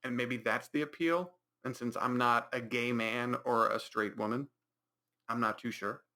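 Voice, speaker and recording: A man's voice: mid-range voice, fairly even intonation, measured pace, bright, forceful tone. A man hosting a podcast, rambling through a mocking recap of a movie with many restarts and put-on reactions. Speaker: podcast host.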